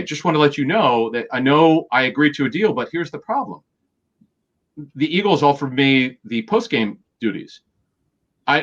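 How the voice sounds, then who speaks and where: Middle-aged male guest, mid-pitched, storyteller who acts out quotes and restarts often, slightly muffled audio. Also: a bit bright. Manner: rapid anecdotal storytelling with quoted dialogue and many restarts. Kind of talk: storytelling in an interview.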